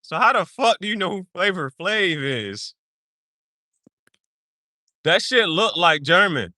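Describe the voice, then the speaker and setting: A man's voice: high voice, animated, slow pace, long pauses, sharp tone, no echo, clean studio sound. A man hosting a podcast in casual chat, playful and laughing often as he jokingly sounds out foreign words. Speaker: podcast host.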